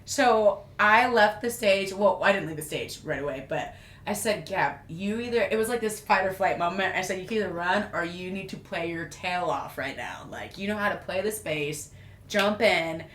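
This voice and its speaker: Woman telling a lively story in an echoey room. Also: fairly low pitch, normal speed. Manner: animated, self-mocking storytelling with frequent laughter. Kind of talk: casual storytelling chat. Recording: echoey room with faint noise.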